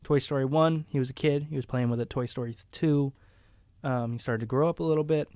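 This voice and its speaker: A young man co-hosting a podcast in casual chat, telling personal stories in an animated way. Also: medium pitch, fairly quick, no room sound, clean studio sound. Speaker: podcast co-host.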